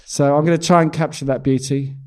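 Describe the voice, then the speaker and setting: A man's voice: fairly high pitch, fairly even intonation, fairly quick. A man hosting a casual podcast chat while painting, teasing his guest with dry humour. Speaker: podcast host and portrait painter. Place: venue in a bar.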